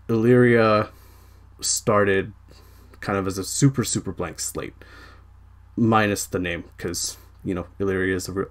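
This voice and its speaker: A young man from Canada, a podcast host, chatting casually about his novel and often correcting himself mid-sentence. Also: deep voice. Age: young adult. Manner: rambling, frequent self-corrections and fillers.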